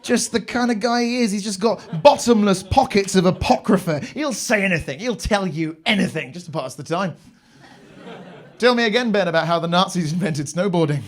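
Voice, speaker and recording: Man, young, from England, stand-up comedian, high voice, rambling crude storytelling, live comedy club. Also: normal speed.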